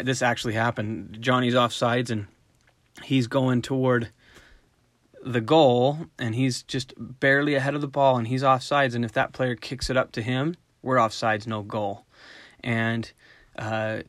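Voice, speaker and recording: A middle-aged man talks through dog training in an easygoing, conversational way, now and then slipping into quick voiced examples. His pitch sits in an ordinary middle range, and the sound is dry and close with no room echo. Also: a bit bright. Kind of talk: casual instructional talk.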